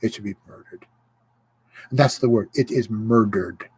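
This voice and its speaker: A man hosting his own livestream, ranting with indignation and pausing to greet viewers. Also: on the low side, a little mellow, husky, no room sound, low-quality recording. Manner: impassioned, indignant, greets viewers mid-rant. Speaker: livestream host. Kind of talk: casual livestream rant.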